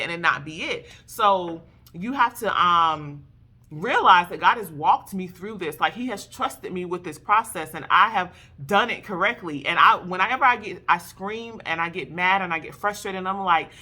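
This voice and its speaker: Bright-voiced woman giving faith testimony. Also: on the low side, moderate pace. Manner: animated, emphatic, calls listeners "baby". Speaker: faith vlogger addressing wives. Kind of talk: personal testimony and exhortation.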